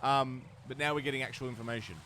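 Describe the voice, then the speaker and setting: A man's voice: medium pitch, fairly even intonation, quick pace, sharp tone, slight background noise. A man streaming a game live, chatting casually with viewers and poking fun at himself. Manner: chatty, talks to chat, self-deprecating. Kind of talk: live gameplay commentary.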